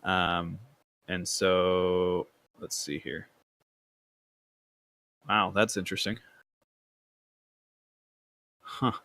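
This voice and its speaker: Low-voiced man hosting a gaming podcast. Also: steady tone, drawn-out words, pauses often, fairly bright tone. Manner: rambling, many fillers and restarts. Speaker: podcast host. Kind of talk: casual gaming podcast chat.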